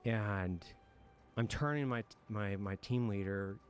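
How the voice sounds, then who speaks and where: A military veteran telling war stories in an interview, frank and profane, reflective at times and breaking into nervous laughter. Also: male voice, fairly low pitch, takes it slowly, soft background music. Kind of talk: candid war storytelling in a podcast interview.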